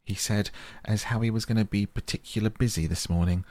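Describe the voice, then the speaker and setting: A man's voice: fairly low pitch, fairly even intonation, brisk, a little mellow, no room sound, voice pushed up, natural voice. Man doing a humble young hedgehog boy. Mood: respectful. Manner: humble, rustic country speech. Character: young male hedgehog, polite and respectful.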